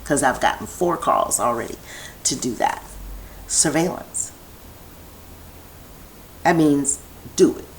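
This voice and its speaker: A woman's voice: low-pitched, slow pace, long pauses, a little hiss or hum, poor audio. A woman vlogger talking in a meandering personal monologue from her home set, restarting her thoughts and drifting into chatty asides.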